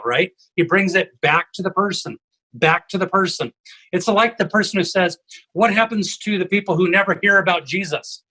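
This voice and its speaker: A man's voice: high voice, pushed and bright, breathy edge, low-quality recording. A man co-hosting a casual discussion from home over a video call, telling stories and tagging his points with "right?". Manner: storytelling, tags lines with "right?". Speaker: co-host, evangelism trainer.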